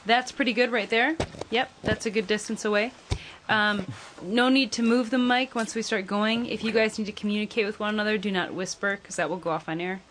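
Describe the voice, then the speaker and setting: A woman's voice: mid-range voice, fairly even intonation, brisk, a bit bright. A young woman runs a casual pre-show briefing as a radio host. Her voice sits mid-range and she talks in a loose, chatty way, with "like" scattered through it. A faint noise runs under her. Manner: chatty, says "like" often.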